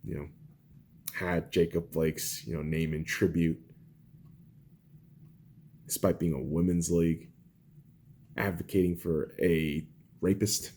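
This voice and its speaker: A young man hosting a podcast, delivering an angry, profane political rant that swings between shouting and low muttering. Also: fairly even intonation, takes it slowly, pauses often, slight background noise. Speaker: podcast host.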